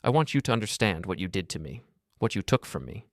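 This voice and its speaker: A man's voice: low voice, big pitch swings, quick pace, no echo, studio quality. A man voicing a bitter, vengeful young ex-con in a storybook narration, with a taunting, menacing delivery.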